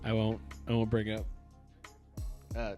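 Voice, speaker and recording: A man's voice: fairly low pitch, monotone, a little slow, a little mellow, faint music behind. Rambling young man, casual podcast chat. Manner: rambling, swears a lot, many restarts. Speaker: podcast co-host.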